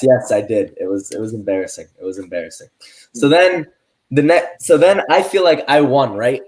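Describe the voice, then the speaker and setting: A teenage guy co-hosting a homemade podcast, telling a school story with lively energy. His voice sits at an ordinary middle pitch, and he slips into the voices of the people he quotes. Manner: animated, acts out quoted adults in his story. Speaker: podcast co-host. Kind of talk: casual storytelling.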